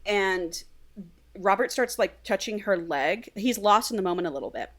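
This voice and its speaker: A woman's voice: medium pitch, normal speed. A woman co-hosting a podcast, chatting casually as she retells a book with lots of energy. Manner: animated, laughing, reads quotes aloud in put-on voices. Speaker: podcast co-host.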